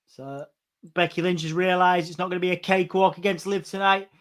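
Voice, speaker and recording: High-voiced man calling wrestling. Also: little pitch movement, clear, resonant tone. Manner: stammering restarts, quick play-by-play calls. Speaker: co-host of a wrestling watch-along. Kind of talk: casual chat with live commentary.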